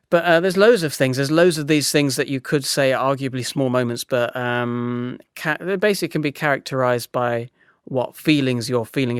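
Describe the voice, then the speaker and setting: A man's voice: mid-range voice, clear, resonant tone, no room sound, studio quality. A young man hosting a solo podcast, rambling and self-mocking with many restarts as he reflects aloud. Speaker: podcast host.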